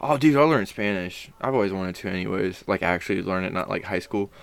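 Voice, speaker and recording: A young man with a deep voice and a gravelly rasp. He talks with his co-host in an easygoing, halting way, often drifting off before he finishes a thought. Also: dry recording. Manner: easygoing, hesitant, drifting off mid-sentence. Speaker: podcast co-host. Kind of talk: casual chat.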